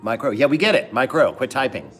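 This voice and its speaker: A man's voice: mid-range voice, expressive, fast, soft background music. A middle-aged man hosting a casual live stream, rambling and joking dryly as he reads out where viewers are from. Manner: rambling, reads out viewer locations, dry jokes. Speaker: host.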